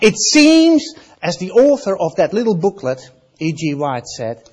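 A man with a Dutch accent preaching a sermon, swinging between loud emphasis and soft, quiet asides. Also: sits high, wildly swooping pitch, measured pace.

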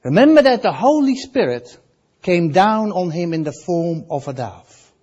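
A man with a Dutch accent preaching a sermon, swinging between loud emphasis and soft, quiet asides. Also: high-pitched, sing-song, normal speed, dull audio.

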